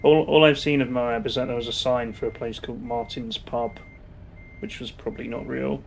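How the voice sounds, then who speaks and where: A chatty man streams a truck-driving game, talking at an ordinary mid pitch and answering viewers' messages aloud as he plays. A faint hiss of noise sits behind his voice. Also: fairly even intonation, moderate pace, gravelly. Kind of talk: casual gameplay chat.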